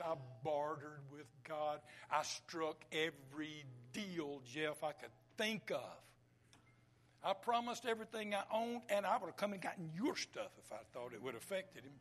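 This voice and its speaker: Preacher swinging from loud to whisper. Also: male voice, a little high, lively intonation, normal speed. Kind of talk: sermon.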